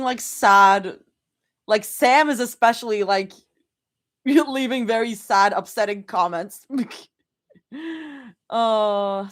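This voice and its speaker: Giggly woman reading fanfiction live. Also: fairly high pitch. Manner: giggly, breaks off to react and chat. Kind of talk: live reading with chatty reactions.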